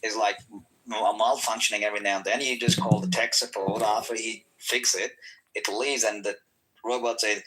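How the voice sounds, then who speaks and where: A man's voice: on the low side, steady tone, moderate pace, noisy background. A man in a casual podcast chat, telling a joking story in slangy, loose speech.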